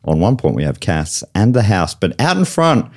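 A man's voice: lowish voice, very animated, moderate pace, darkish tone. Australian man hosting a comedy quiz. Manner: playful, laughs often, teasing. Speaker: game show host. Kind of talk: comedy game show hosting.

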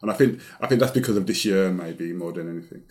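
Brummie guy on a podcast, lowish voice, earnest and a bit rambly. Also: quick pace, darkish tone. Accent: Birmingham. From Birmingham, England. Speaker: guest. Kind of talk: casual interview chat.

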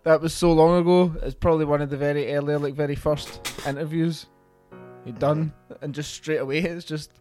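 A man's voice: fairly high pitch, fairly even intonation, brisk, a little mellow, faint music behind. A man with a Scottish accent in casual chat, making dry, wry remarks with short laughs.

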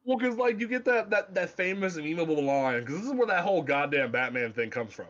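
A man's voice: on the high side, expressive, a little fast, fairly bright tone, lo-fi sound. A man casually chatting as a podcast co-host, rambling and exasperated, swearing freely. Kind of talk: casual chat.

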